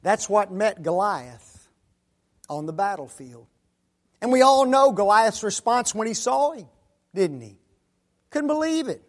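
A man preaching a sermon who asks rhetorical tag questions and swings between loud declarations and hushed asides. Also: high-pitched, lively intonation, measured pace, long pauses.

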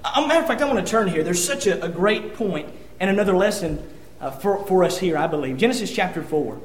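A man's voice: high-pitched, expressive, quick pace. A man preaching a sermon, earnest and conversational, often restarting his sentences as he reads scripture. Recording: echoey room.

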